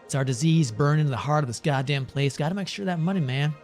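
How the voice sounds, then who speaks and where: A man's voice: fairly high pitch, fast talker, darkish tone, faint music behind, lightly acted. A man reading a bitter, cursing old ex-financier. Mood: bitter ranting. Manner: rambling, cynical, swearing. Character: bitter older man, former money-circles big shot, ranting.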